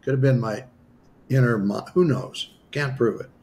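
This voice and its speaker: A man's voice: mid-range voice, normal speed, a little hiss or hum. A man being interviewed as a healer, telling a personal story in a chatty way with many asides. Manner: animated, acts out his own past dialogue; conversational, with many asides and restarts. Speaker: spiritual healer guest.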